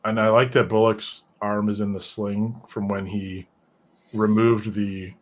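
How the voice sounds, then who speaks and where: Low-voiced man chatting about comics. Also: level tone, a little slow. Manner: rambling, with fillers and side notes. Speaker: podcast host reviewing comics. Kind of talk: casual comic book discussion.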